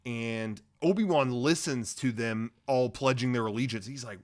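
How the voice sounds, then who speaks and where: A man co-hosting a comedy podcast, retelling a movie plot in a casual, rambling, profane way, at a middle pitch. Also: moderate pace, few pauses. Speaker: podcast co-host.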